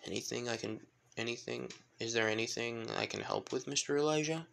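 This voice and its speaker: A man's voice: medium pitch, brisk, creaky, fairly bright tone. A man playing a flustered, stammering young woman. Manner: stammering, overly formal.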